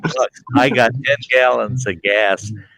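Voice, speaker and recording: A man's voice: mid-range voice, steady tone, unhurried, vocal fry, a bit bright, no echo. A middle-aged man hosting a livestream, telling rambling, colorful anecdotes in a folksy way and acting out what people said. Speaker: livestream host. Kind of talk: folksy storytelling chat.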